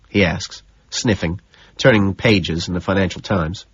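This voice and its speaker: Male first-person audiobook narrator, measured and detached; husky voice, dull lo-fi recording. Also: sits low.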